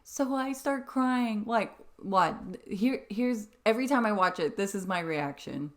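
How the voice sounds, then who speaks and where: A young woman talks through a video as a musical theatre coach, casual and chatty. She gets emotional easily and laughs often. Her voice sits at a middle pitch. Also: expressive, a little slow. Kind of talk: casual reaction commentary.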